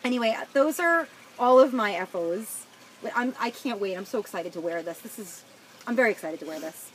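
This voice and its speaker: A woman's voice: mid-range voice, animated, a little fast, fairly bright tone, a little hiss or hum, low-quality recording. A young woman with a Long Island accent co-hosting a casual knitting podcast, chatty and self-mocking. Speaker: podcast co-host. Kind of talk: casual chat.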